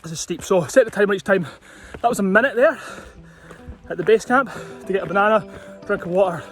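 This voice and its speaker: A high-voiced man talks to his handheld camera as he hikes up a steep hill outdoors. He is chatty and breathing hard from the climb. Faint music plays behind him. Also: brisk, fairly bright tone. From Scotland. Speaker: running vlogger. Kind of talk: casual vlog while hiking.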